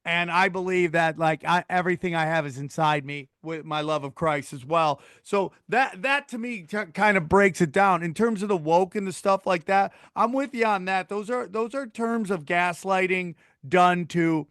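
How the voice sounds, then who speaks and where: A man's voice: sits high, normal speed, hardly any pauses, fairly bright tone, clear, resonant tone, no room sound, studio quality. A man hosting a podcast in casual chat, talking in an earnest, rambling way. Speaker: podcast host.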